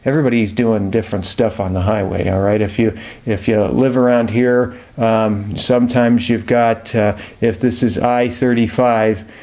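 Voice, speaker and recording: A man's voice: on the low side, steady tone, normal speed, few pauses, a little mellow. A male chemistry teacher giving a casual, joking lesson, chatty with frequent fillers and everyday comparisons. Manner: jokey, conversational, many fillers.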